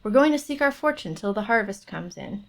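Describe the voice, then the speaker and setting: A woman's voice: mid-range voice, animated, a little fast, creaky. A woman reading an eager young country lad. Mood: cheerful.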